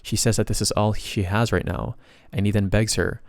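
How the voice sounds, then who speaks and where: A man's voice: fairly low pitch, fairly even intonation, normal speed, vocal fry, clear, resonant tone, no echo, studio quality. A man narrating a comic story recap in a casual, plain retelling style with bits of slang.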